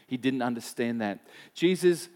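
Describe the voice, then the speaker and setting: Here a pastor with a medium-pitched, slightly mellow voice sounds animated while keeping a normal speed. His sermon feels conversational, mixing personal anecdotes with questions for the congregation, and it's full of repeats and fillers.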